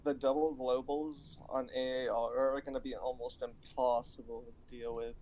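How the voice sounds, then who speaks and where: A man's voice: mid-range voice, level tone, normal speed, lo-fi sound, slight background noise. A man co-casting a video game match who keeps his voice down so a roommate can sleep. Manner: talks quietly to avoid waking a roommate. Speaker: esports co-caster. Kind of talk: casual esports commentary.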